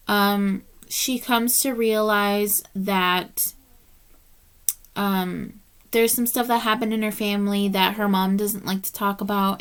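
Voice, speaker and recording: A woman's voice: mid-range voice, fairly bright tone, smooth. A woman reviewing books in a casual vlog, chatty and heartfelt, tired and yawning as she rambles. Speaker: book reviewer.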